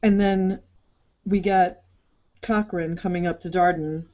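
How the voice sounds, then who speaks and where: A woman co-hosting a casual show recap over a video call, animated and quick to act out people's lines. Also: on the low side, phone-quality sound. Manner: animated, acts out characters' lines in quick asides. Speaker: podcast co-host.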